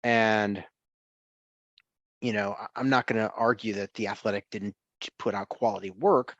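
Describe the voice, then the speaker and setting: A man's voice: fairly low pitch, fairly even intonation, moderate pace, fairly bright tone, no echo, muffled recording. A man co-hosting a sports podcast in casual chat, chuckling often and rambling through restarts.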